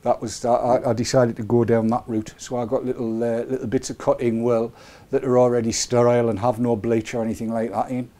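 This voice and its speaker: A man's voice: medium pitch, little pitch movement, a little fast, mellow. A middle-aged man hosting a casual live webcast, joking and rambling with chuckling asides. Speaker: show host.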